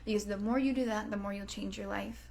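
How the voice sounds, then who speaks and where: A woman's voice: mid-range voice, steady tone, quick pace, a little mellow, slight background noise. A woman in her thirties hosting a motivational podcast, talking casually and frankly, full of fillers and swearing, sometimes dropping to a near-whisper for emphasis. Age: 30s. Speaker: podcast host and coach.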